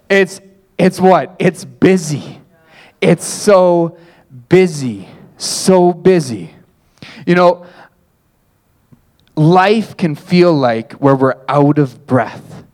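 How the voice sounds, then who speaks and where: A man preaching a conversational sermon, repeating phrases and acting out gasps as he tells a story. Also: a little high. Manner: conversational, repetitive, animated storytelling with acted gasps. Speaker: pastor.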